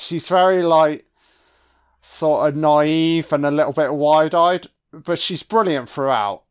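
A man's voice: on the high side, smooth. A man giving a casual, profane and sarcastic film commentary as host.

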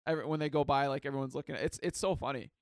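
A man's voice: mid-range voice, steady tone, rapid-fire, no echo, clean studio sound. A man hosting a podcast, chatting casually and eagerly, leaning on "like" as he rambles. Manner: enthusiastic, rambling, says "like" often. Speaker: podcast host. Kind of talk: casual chat.

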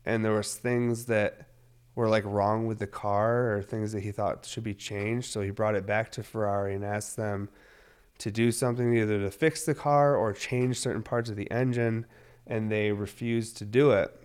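Man, 30s, low voice; loose, filler-heavy, profane vlogger chat. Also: fairly even intonation, moderate pace, darkish tone, smooth. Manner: loose, rambling, heavy on fillers, swears often. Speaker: cannabis vlogger. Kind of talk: casual rambling monologue.

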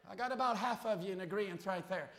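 A male pastor preaches with a very high, sharp voice that climbs into shouts. He hammers the congregation with rhetorical questions and repeated lines. The sound is roomy and echoey, recorded in a church. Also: quick pace. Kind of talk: fiery sermon. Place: church sanctuary.

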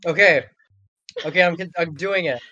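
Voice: mid-range voice, moderate pace, sharp tone, no echo, dull audio, faint music behind. A podcast co-host in a casual chat, rambling and profane, often breaking into laughter.

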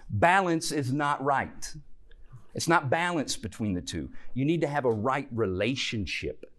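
A man's voice: medium pitch, animated, unhurried, a bit bright. A man teaching a Bible class, explaining earnestly and stopping to restart his sentences. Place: church classroom.

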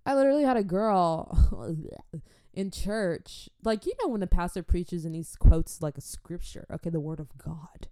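Animated woman chatting to viewers, low mellow voice. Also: normal speed, clean tone, no room sound, clean studio sound. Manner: animated and chatty, with church exclamations. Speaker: vlogger. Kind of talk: casual chat to viewers.

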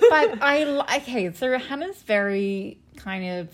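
A woman's voice: on the high side, lively intonation, unhurried. A woman co-hosting a podcast, chatting casually, laughing and swearing freely. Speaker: podcast co-host. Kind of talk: casual chat.

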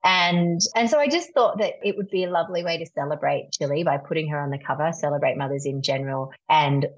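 A woman in her forties with an Australian accent, a magazine editor chatting as a podcast guest, animated and laughing often. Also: low-pitched, fast talker. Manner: animated, laughs often, stretches words for emphasis. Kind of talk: podcast interview chat. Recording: slightly dull lo-fi sound.

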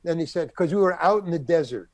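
An older character actor tells a story from his career in a casual interview, animatedly acting out what other people said. His voice is fairly high and he talks fast, with no echo.

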